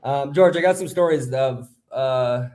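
Unhurried and mid-range, his voice has a darkish tone. He's a podcast co-host spinning out a long story in a loose, casual manner, leaning on lots of fillers.

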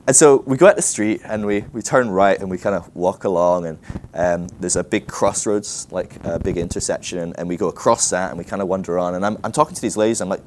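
A man's voice: low voice, quick pace, darkish tone, a little hiss or hum. A man speaking at a ministry school, telling a self-deprecating story in a casual sermon, full of "like" and restarts.

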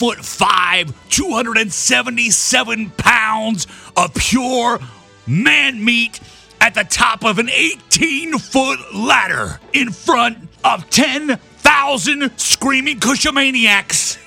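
A man in a radio studio putting on a boastful giant wrestler's promo, shouting a drawn-out match hype. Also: very high-pitched, vocal fry, faint music behind, full character voice. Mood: booming hype.

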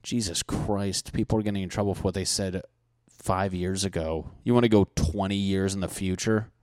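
A man's voice: deep voice, steady tone, moderate pace, a little mellow, dry recording, studio quality. A man in his thirties in casual comedic chat, rambling and swearing, often acting out mock dialogue.

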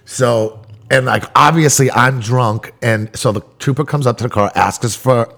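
A man's voice: mid-range voice, moderate pace, creaky, a bit bright. A young man from Massachusetts in casual chat, filling in details of a shared story. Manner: chiming in, confirming details.

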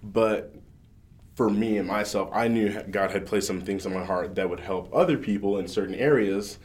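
A man co-hosting a podcast, reading scripture and then chatting about it in a relaxed way with fillers and laughs. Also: fairly low pitch, moderate pace. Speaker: podcast co-host. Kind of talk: casual faith chat and scripture reading.

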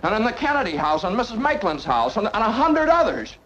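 A man's voice: high voice, big pitch swings, fairly quick, a bit bright. A man in an old film, stammering and earnestly pleading as he explains. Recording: dull old film soundtrack with hiss.

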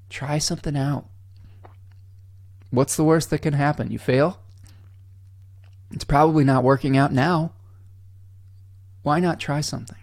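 Man, astrology livestream host, conversational, candid, emotional at times, fry in the voice. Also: mid-range voice, a little mellow, no echo, clean studio sound. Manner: earnest, conversational, checks in with listeners; candid and blunt, drops mild swears.

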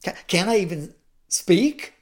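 A woman's voice: fairly low pitch, expressive, unhurried. A woman voicing a bold, eager young shepherd who keeps asking the same question.

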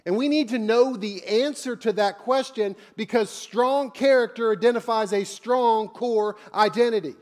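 High-voiced male pastor preaching, chatty, cracks jokes, gets blunt with the church. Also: normal speed, few pauses, a little mellow. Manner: conversational and joking, with blunt asides. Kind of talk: sermon.

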